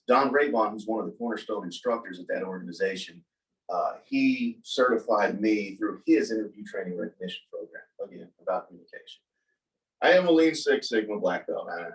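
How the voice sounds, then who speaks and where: A man telling a personal story in a casual talk, animated and acting out the voices of the people he quotes. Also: sits low. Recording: voice from a distance from the mic.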